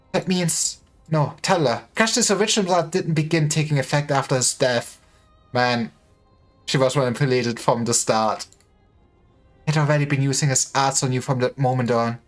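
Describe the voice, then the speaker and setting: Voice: mid-range voice, moderate pace, soft background music. Streamer reading a game story dramatically. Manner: dramatic reading, voicing each character in turn.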